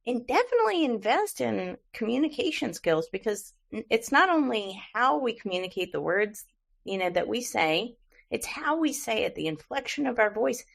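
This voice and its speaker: Woman podcast host, chatty storyteller, laughs easily, mid-pitched voice. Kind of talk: casual podcast interview.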